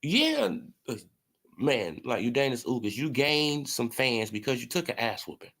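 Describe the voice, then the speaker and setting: A man's voice: mid-range voice, very animated, normal speed, fairly bright tone. A man hosting a casual boxing commentary stream, talking in a mocking, profane way, laughing often and answering his chat. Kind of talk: casual livestream sports commentary.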